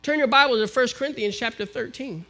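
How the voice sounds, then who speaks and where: A man with an American accent preaching a sermon to his congregation, building to forceful exhortation. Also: extremely high pitch, a little fast. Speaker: minister. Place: church, live-streamed service.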